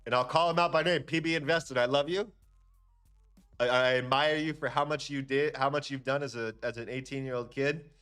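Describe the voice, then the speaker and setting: A young man hosts a live trading stream, his voice at an ordinary middle pitch. He talks casually and rants in slang and swearing, with lively jumps up in pitch when he gets worked up. Faint music plays behind him. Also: fairly quick, clean tone. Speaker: livestream trading host. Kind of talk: casual livestream chat and rant.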